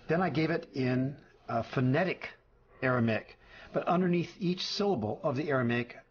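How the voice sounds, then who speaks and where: A man interviewed as a language consultant for a film, speaking in a measured, explanatory way. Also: medium pitch, breathy edge, muffled recording. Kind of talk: documentary interview.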